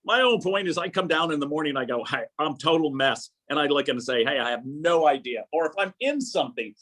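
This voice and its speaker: A man telling lively faith stories in a casual talk, with an excitable manner, acting out the voices he quotes. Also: fairly high pitch, fairly quick. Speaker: guest speaker.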